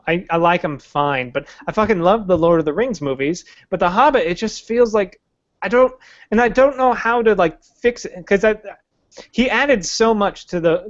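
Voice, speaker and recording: A man's voice: high voice, normal speed, no room sound, muffled recording. A man co-hosting a podcast in casual chat. He swears freely and mimics characters by pushing his voice up. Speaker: podcast co-host.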